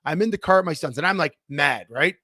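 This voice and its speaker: A man co-hosting a casual podcast, with a slightly high voice. He rambles and restarts as he tells a story. The sound is close and dry, with no room in it. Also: fast, no room sound. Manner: animated, rambling, self-interrupting. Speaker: podcast co-host.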